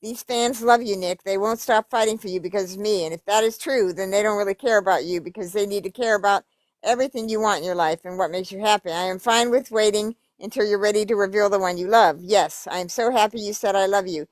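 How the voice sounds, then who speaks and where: A woman's voice: medium pitch, quick pace, no echo. A woman reading a string of emails aloud and breaking off for blunt, profane commentary. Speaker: YouTube commentator.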